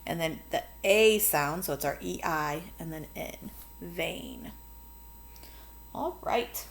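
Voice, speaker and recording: A woman's voice: low voice, takes it slowly, vocal fry, a little hiss or hum. A woman teaching a phonics lesson to children, explaining board work patiently and chattily, correcting herself as she goes.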